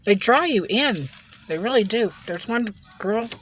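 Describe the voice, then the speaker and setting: This woman has a medium pitch and lively intonation and talks a little slowly over background noise. Eating on camera from inside a car, the mukbang vlogger rambles through gossipy anecdotes with lots of laughter.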